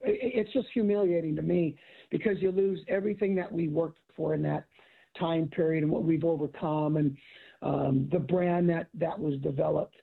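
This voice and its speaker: Middle-aged male ex-coach, raspy and high-pitched, animated storyteller; phone-quality audio. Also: moderate pace. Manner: animated storyteller acting out quotes. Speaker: guest, author and former football coach. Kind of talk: casual storytelling conversation.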